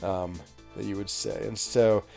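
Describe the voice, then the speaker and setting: A man's voice: on the low side, flat delivery, a little slow, gravelly, darkish tone, soft background music. A man from West Virginia, hosting a game livestream, telling stories in a rambling, chatty way with many fillers and laughs while reading out chat. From West Virginia, United States. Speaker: game streamer.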